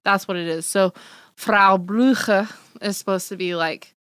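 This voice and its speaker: A woman's voice: medium pitch, fairly even intonation, a little slow, a bit bright, smooth, no room sound. A woman who teaches, a guest on a casual podcast, talking bluntly and swearing freely. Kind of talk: casual chat about a film.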